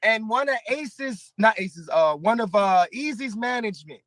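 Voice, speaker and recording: A man in an interview clip, telling a story in a halting, rambling way with many pauses and restarts. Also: high-pitched, expressive, fairly bright tone, dry recording, rough recording. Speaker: battle rapper in interview clip.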